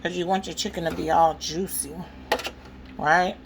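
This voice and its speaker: A woman with a gravelly, slightly low voice walks viewers through a home-cooked meal. She chats casually and keeps checking in with her audience. Faint kitchen noise sits behind her. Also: steady tone, normal speed. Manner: chatty, addresses viewers, frequent "okay?" check-ins. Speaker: cooking vlogger. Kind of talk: casual cooking demonstration.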